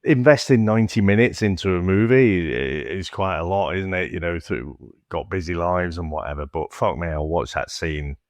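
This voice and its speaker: Casting note: northern english podcast co-host, very deep voice, dry close mic. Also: male voice, normal speed, few pauses, no room sound. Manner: thoughtful, stammers on starts, swears casually. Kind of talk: casual film review chat.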